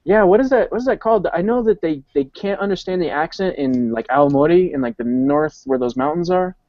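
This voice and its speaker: A man's voice: a little high, expressive, fairly quick, dry recording. A man casually telling a rambling story full of fillers in a group chat. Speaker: panel member. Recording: dull lo-fi online call audio.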